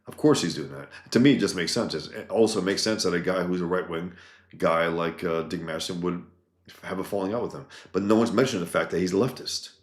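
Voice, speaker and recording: A man with a very low voice talks casually to his livestream viewers, blunt and full of scorn. He trips over fillers and restarts. The room around him is echoey. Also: fairly quick. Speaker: livestream host.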